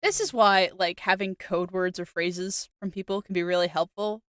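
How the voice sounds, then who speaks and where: A woman co-host chats casually, her talk peppered with "like". Her voice sits a bit low for a woman. The sound is dry and close, with no room around it. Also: fairly even intonation, normal speed, fairly bright tone, no echo. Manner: chatty, full of "like" fillers. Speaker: podcast co-host. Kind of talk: casual chat.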